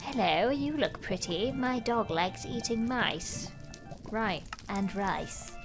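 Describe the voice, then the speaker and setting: A woman voicing a deadpan creepy girl. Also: medium pitch, slow, faint music behind.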